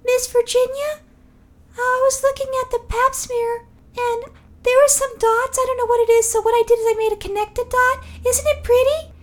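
A woman voicing a clueless small child playing doctor, high and sing-song. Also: steady tone, normal speed. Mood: cheerfully oblivious.

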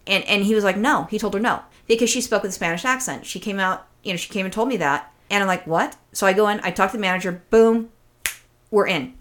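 A woman co-hosting a casual podcast chat, telling stories in a profane, animated way. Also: medium pitch, fast. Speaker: podcast co-host.

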